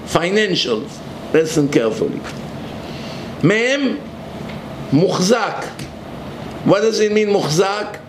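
Male religious lecturer, raised pitch, emphatic, rhetorical; echoey room with faint ambience. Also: very animated, takes it slowly, long pauses, background noise.

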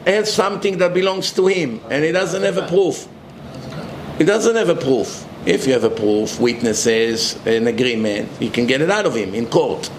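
Male religious lecturer, raised pitch, emphatic, rhetorical; echoey room with faint ambience. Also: normal speed, background noise.

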